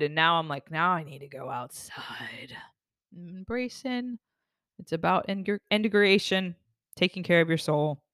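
A woman hosting a podcast in a casual spiritual self-help monologue, rambling and animated, casually swearing and acting out quoted voices. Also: low-pitched, no room sound, studio quality. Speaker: podcast host.

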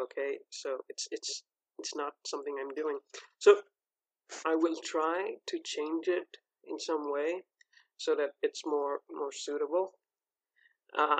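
A man with a fairly high pitch hosts his own movie podcast, rambling casually and hesitantly with many fillers and restarts. The audio is poor but has no room sound.

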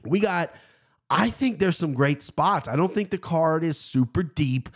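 A man in his thirties hosting a casual sports betting podcast, loose and excitable, swearing freely. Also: fairly high pitch, a little slow. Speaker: podcast host.

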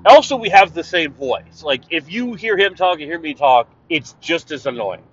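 A man from Canada, loud and profane, rambling through a casual monologue while driving. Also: fairly high pitch, lively intonation, moderate pace, slightly rough. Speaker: vlogger. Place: driving in a car. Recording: dull lo-fi sound, car noise.

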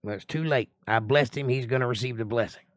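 A man's voice: fast, dry recording. Man reading scripture with chatty asides. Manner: reads scripture aloud and breaks in with casual, joking commentary; voices the figures in the reading with rising pitch and a whiny tone. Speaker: Bible study teacher. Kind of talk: livestream Bible study.

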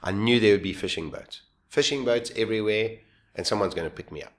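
A man, quietly telling a personal survival story in halting speech that often repeats words. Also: fairly low pitch.

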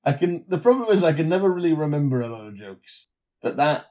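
A man co-hosting a casual podcast chat, often giggling and breaking into high laughs. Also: sing-song, quick pace, mellow. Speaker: podcast co-host.

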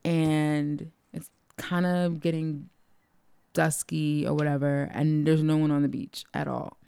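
Gravelly low woman telling a profane story. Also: a little slow, no room sound. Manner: animated, profane, acts out quoted dialogue. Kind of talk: casual storytelling chat.

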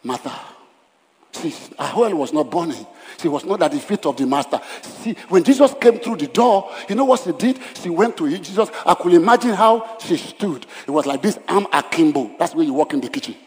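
A man preaching with a fairly high voice, acting out scenes and hammering his points by repetition. His sermon rings through a large church hall with a long echo. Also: lively intonation, brisk, a little mellow. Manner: dramatic, acts out Bible scenes in voices; emphatic repetition. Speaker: pastor. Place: church service.

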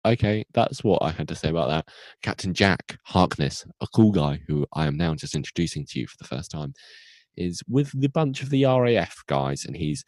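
Brief: young podcast guy, low voice with a big swooping range, goofy rambling recap, dry close sound. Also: lively intonation, normal speed, darkish tone, dry recording. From United Kingdom. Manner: rambling, self-interrupting, acts out characters in goofy voices. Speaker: podcast co-host recapping an episode. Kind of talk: casual comic recap.

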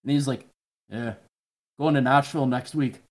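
A man spins long, meandering stories for a podcast, swearing freely along the way. When he quotes other people, he drops into flat, mumbled impressions of them. His voice sits at an ordinary middle pitch. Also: normal speed. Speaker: podcast guest. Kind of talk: casual storytelling chat.

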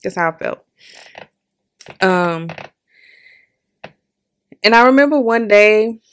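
Candid young woman telling a personal story. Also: fairly low pitch. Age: young adult. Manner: candid, animated, full of likes and laughs. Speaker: podcast host.

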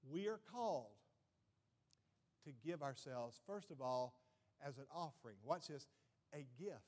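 A man's voice: a little high, expressive, unhurried. A middle-aged male pastor preaching a sermon with emphasis, often saying "watch this" and putting questions to the congregation.

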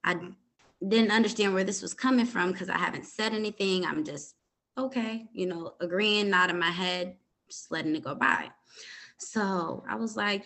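A young adult woman, a podcast host, calmly retelling a personal story with hesitant pauses and many fillers. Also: mid-range voice.

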